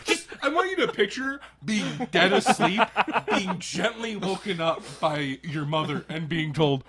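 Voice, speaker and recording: Young male podcast host, higher voice with a bright edge, laughs through his stories and acts out quotes. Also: expressive, unhurried, few pauses, breathy edge. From Detroit area. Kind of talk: casual podcast chat.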